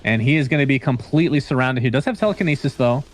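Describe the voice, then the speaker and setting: A man doing play-by-play esports commentary, calling fights quickly and joking with his co-caster. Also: medium pitch, a little hiss or hum. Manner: excitable, joking, quick calls.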